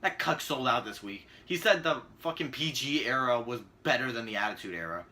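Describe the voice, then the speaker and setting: A man's voice: mid-range voice, animated, fairly quick, bright, forceful tone, a little hiss or hum. A man giving a profane, sarcastic ranting video commentary as a vlogger.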